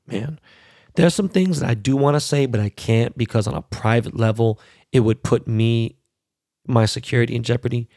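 A man's voice: mid-range voice, moderate pace, long pauses, darkish tone, dry recording, studio quality. A man giving casual, profane, heated commentary as a podcast host, stressing points by repeating words.

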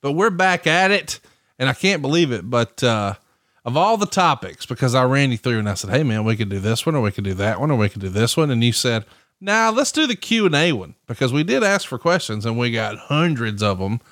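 A man's voice: mid-range voice, animated, fairly quick, fairly bright tone, dry recording, clean studio sound. A man hosting a podcast in casual chat, upbeat and teasing as he steers the talk. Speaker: podcast host.

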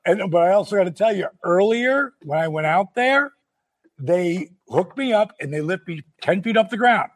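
A man hosting a podcast, telling a story in a casual, animated way, acting out other people's lines and laughing often. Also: high-pitched, moderate pace. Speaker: podcast host.

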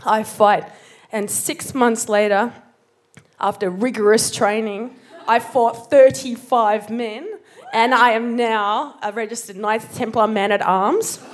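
This is a woman in her thirties telling a story on stage. Her voice sits high and she is animated, laughing easily as she acts out what people said. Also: slow, slight background noise. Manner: animated, laughing, acting out quotes.

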